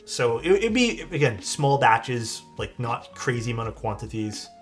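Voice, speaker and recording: A relaxed Canadian man talks over a live stream, reading out viewer questions and answering them in a loose, friendly way. Faint music plays quietly behind him. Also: medium pitch, measured pace. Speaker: streamer building a keyboard. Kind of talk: casual live-stream chat.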